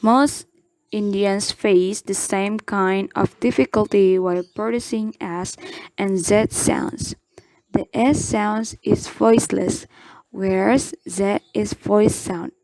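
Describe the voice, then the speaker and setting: A woman's voice: medium pitch, steady tone, slow, a little mellow, no echo. A young adult woman from Indonesia reading a class presentation as a university student, carefully saying each example word twice.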